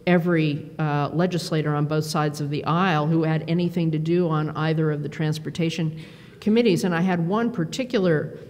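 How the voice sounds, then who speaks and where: A middle-aged woman giving a conference keynote, telling stories in an animated, self-deprecating way with quick asides. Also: low voice. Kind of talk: storytelling speech. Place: performance hall. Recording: long hall reverb, faint ambience.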